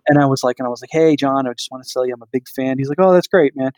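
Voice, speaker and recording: A man's voice: mid-range voice, very fast, darkish tone, dry recording. Rambling man on a casual podcast. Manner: rambling, many fillers and restarts. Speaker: podcast co-host.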